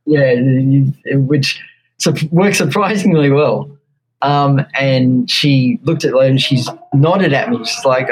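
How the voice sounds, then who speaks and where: A man with an Australian accent, a guitar maker being interviewed, telling an animated story and acting out the quotes. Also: medium pitch, slow, husky, poor audio. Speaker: guest luthier.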